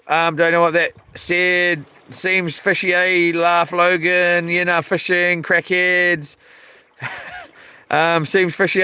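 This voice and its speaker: A man's voice: sits high, bright, forceful tone, smooth. A man with a New Zealand accent casually chatting on a fishing live stream, reading viewer comments aloud with lots of fillers and restarts. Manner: rambling, reads chat aloud with many fillers and restarts. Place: outdoors by the sea while fishing.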